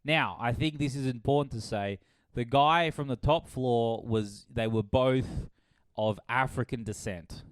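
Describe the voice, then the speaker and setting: Swearing, smooth-voiced man. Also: medium pitch, a little slow, no echo, clean studio sound. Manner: swearing, retelling with quoted voices. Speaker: podcast host. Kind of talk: casual chat.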